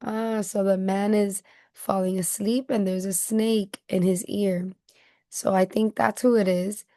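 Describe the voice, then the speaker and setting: A woman teacher reading a picture book aloud to children and stopping often to ask them gentle questions. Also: mid-range voice, flat delivery, unhurried, no echo, studio quality. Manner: gentle questioning, checking in with listeners.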